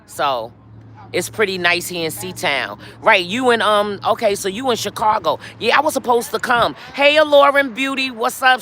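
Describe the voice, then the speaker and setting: A middle-aged woman from New York, mid-range in pitch with a sharp tone, hosts a casual live stream out on a city street. Chatty and direct with her viewers, she leans heavily on "y'all."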